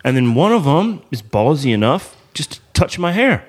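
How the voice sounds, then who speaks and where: A young man hosting a podcast tells stories in casual conversation, laughing as he goes and swearing a lot. His voice is fairly high, very animated, and slightly rough, at a normal speed.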